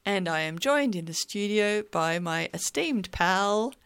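A woman's voice: mid-range voice, lively intonation, a little slow, a bit bright, clear, resonant tone. A woman hosting a community radio show in a studio basement, chatting in a rambling way and laughing easily. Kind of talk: casual radio chat.

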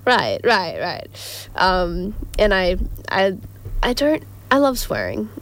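A woman's voice: medium pitch, wildly swooping pitch, slow, fairly bright tone, slight background noise. A young woman hosting a casual radio show, chatty and rambling, often giggling and filling gaps with ums. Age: young adult. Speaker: community radio host. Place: radio studio.

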